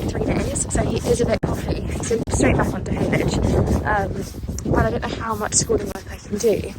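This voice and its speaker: A young woman vlogging at a horse yard, chatting fast and rambling with lots of ums. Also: medium pitch, very noisy. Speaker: equestrian vlogger. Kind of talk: casual vlog chat to camera.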